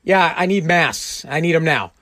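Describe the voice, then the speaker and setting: Brash rich businessman, blunt and take-charge, high voice, dry sound, put on by a ranting man. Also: normal speed, a bit bright, dry recording, natural voice. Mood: decisive.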